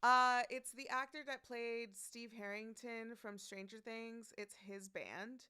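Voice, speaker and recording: A woman's voice: fairly high pitch, steady tone, unhurried, bright, forceful tone, smooth, no echo, studio quality. A woman streaming live, chatting casually, reading out chat messages and greeting viewers by name, laughing often.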